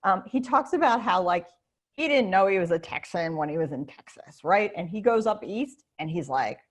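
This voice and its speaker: This is a woman professor taking teachers' questions during an informal video-call Q&A. She talks in an animated, conversational way with lots of "ums" and restarts, at a normal pace and a somewhat low pitch.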